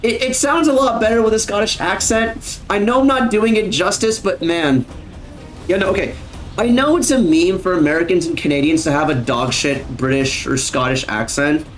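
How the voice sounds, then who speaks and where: A man's voice: sits high, moderate pace. A young man casually chatting on a live stream, rambling and swearing often, with lots of fillers.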